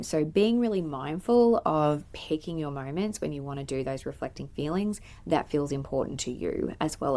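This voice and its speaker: A woman's voice: low-pitched, a little mellow. A woman, a play therapist, hosting a podcast and explaining therapy skills in a thoughtful way with many filler ums. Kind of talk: teaching podcast monologue. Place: playroom.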